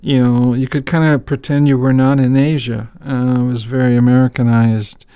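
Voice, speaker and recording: Smooth-voiced man hosting a podcast chat. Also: mid-range voice, little pitch movement, normal speed, warm tone, no room sound, studio quality. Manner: rambling, many fillers and restarts. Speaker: podcast host. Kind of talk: conversational interview.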